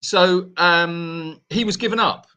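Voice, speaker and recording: A man's voice: high voice, slow pace, pushed and bright, smooth. A man co-hosting a casual live Q&A from an animal sanctuary, a chatty storyteller who often laughs at his own tales. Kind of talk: casual live-stream chat.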